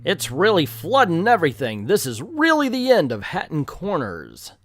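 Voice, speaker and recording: A man voicing an eager teenage speedster hero from an old comic, urgent and excited. The voice sits higher and louder than plain talk. The sound is dry and close. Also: normal speed, dry recording, heavily acted.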